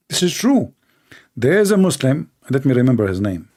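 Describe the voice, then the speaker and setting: A man's voice: medium pitch, very animated, brisk, warm tone. A man giving mocking, exasperated commentary, sarcastic and laughing. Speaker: religious debate commentator.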